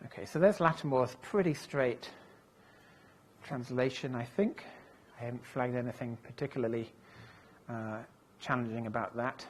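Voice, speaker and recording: A man's voice: medium pitch, normal speed, slight background noise. A man giving a recorded lecture, thinking aloud as he goes, with frequent fillers and self-corrections. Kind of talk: recorded lecture walking through translations.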